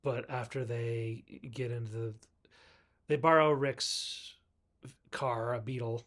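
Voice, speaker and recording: Male film reviewer, conversational recap voice, average pitch, playfully mimics characters. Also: fairly even intonation, takes it slowly, a bit bright. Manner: chatty storyteller, acts out characters' lines. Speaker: movie reviewer. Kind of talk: casual movie recap.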